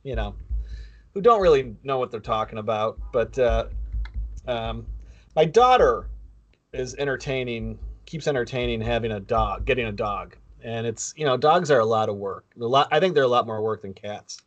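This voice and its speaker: Middle-aged guy, halting and thoughtful, keeps restarting sentences, kinda muffled lo-fi audio. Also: mid-range voice, lively intonation. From US, near the Canadian border. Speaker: co-host. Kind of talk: casual podcast chat.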